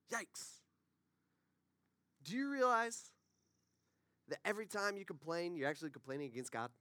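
A man's voice: high-pitched, expressive, moderate pace, pauses often, bright, forceful tone, dry recording. A man preaching a conversational sermon, full of rhetorical questions and asides to the congregation.

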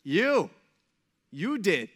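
A man's voice: sits high, big pitch swings, very slow, a bit bright, slightly rough. A man in his thirties, a pastor preaching a casual sermon in a church, joking and using slang. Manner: chatty and joking, slangy asides.

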